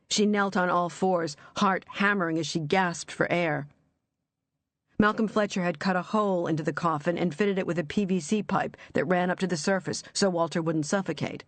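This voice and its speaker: An audiobook narrator reading a thriller in an even, measured storytelling voice. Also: medium pitch, no room sound.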